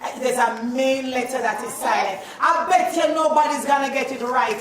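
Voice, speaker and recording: A woman teacher, leading a playful, animated spelling lesson in a classroom. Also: sits high, normal speed, hardly any pauses, a crowd in the background. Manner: animated and playful, calls out questions. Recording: echoey classroom, mic at a distance.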